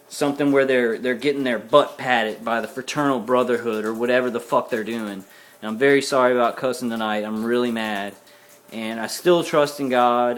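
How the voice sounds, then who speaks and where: Worn-out man ranting angrily. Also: medium pitch. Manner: agitated, repetitive, cussing, ranting. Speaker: vlogger. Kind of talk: angry personal rant to camera.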